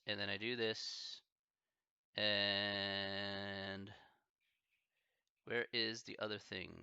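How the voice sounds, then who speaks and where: A man, a math instructor on a live stream, talking casually and haltingly, thinking aloud with many fillers. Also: lowish voice, gravelly, pushed and bright, dry recording, lo-fi sound.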